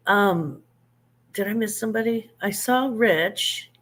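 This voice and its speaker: A woman's voice: medium pitch, takes it slowly, a bit bright. Chatty grandmother hosting a livestream. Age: older. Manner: chatty, greets viewers, laughs easily, stumbles over names. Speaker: livestream host. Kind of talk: casual live chat.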